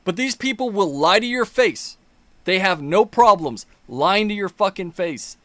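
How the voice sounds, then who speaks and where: A man's voice: sits high, animated, measured pace, fairly bright tone, no room sound. A man hosting his own political commentary video, ranting angrily with heavy profanity and mocking sarcasm. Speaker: commentary channel host.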